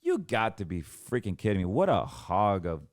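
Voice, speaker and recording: A man's voice: fairly low pitch, wildly swooping pitch, moderate pace, no room sound, studio quality. A man hosting a financial show, ranting in heated, emphatic commentary and often restarting his sentences.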